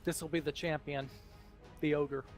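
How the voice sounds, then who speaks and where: A man playing at a tabletop game, speaking quietly and teasing. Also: a little high, level tone, normal speed, faint music behind. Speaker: player. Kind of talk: casual chat at a game table.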